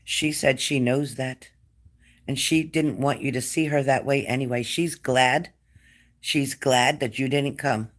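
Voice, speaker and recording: A man giving a spirit-medium reading to a client, gentle and coaxing, repeating his phrases. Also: mid-range voice, fairly even intonation, measured pace. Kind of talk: reassuring psychic reading to a client.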